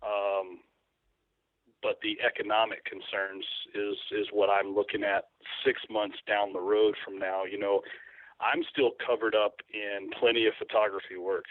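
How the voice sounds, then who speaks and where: A man's voice: fairly low pitch, flat delivery, a little slow, no room sound. A man talking casually as an interview guest, rambling with fillers and restarts. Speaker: guest, hunting photographer. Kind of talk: casual interview over the phone. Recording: tinny phone line.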